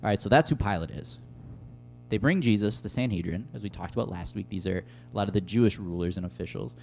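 Low, mellow-voiced male pastor. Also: fast talker, gravelly, slight background noise. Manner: conversational, casual, with many fillers. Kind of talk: sermon. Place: room with tables and an audience.

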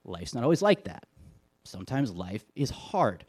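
A man's voice: on the low side, sing-song, normal speed, darkish tone, slightly rough. A middle-aged man from Wisconsin giving a sermon, telling stories with self-deprecating humor in an easy conversational way. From Wisconsin, USA. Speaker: pastor.

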